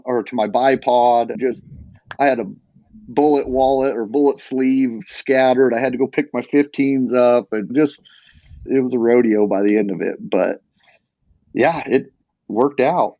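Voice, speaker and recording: A man telling a hunting story in a casual, animated and rambling way, full of restarts. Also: mid-range voice, no room sound. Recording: dull lo-fi sound.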